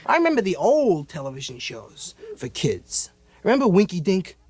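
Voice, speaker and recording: A young man doing live stand-up comedy, animated and mock-shouting his impressions. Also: high-pitched, normal speed. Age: 20s. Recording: live club recording with loud audience.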